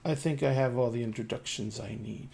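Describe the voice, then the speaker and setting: A man voicing a cold, courtly male noble lord who speaks slowly and formally. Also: medium pitch, gravelly, pitched below the performer's own voice, natural voice. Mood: courtly, hushed. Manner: slow, hushed, formal.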